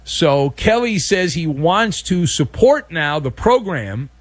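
A man's voice: fairly high pitch, slow pace, dry recording. A man hosting a sports talk show, delivering a sarcastic, opinionated monologue and acting out mock exchanges. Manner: animated, sarcastic, acts out mock dialogue.

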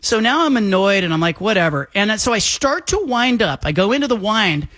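A man telling a lively anecdote on a talk show, acting out the voices of the people in it. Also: high-pitched, fairly quick, no echo, clean studio sound. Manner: animated, acts out quoted voices. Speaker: guest. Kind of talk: casual storytelling.

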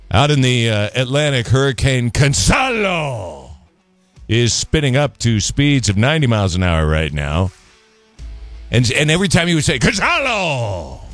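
A man's voice: medium pitch, dry recording. A man hosting a radio morning show, rambling and joking through casual banter with lots of restarts.

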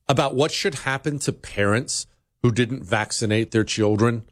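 A man's voice: dry recording, clean studio sound. Combative talk radio host, man. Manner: combative, swings from low and quick to high and mocking. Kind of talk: political talk radio monologue.

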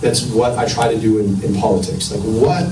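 A man's voice: lowish voice, fairly even intonation, moderate pace. A man in politics who once worked in medicine, speaking earnestly and searching for words as he thinks. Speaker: politician, former doctor. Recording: distant, echoey, noisy room.

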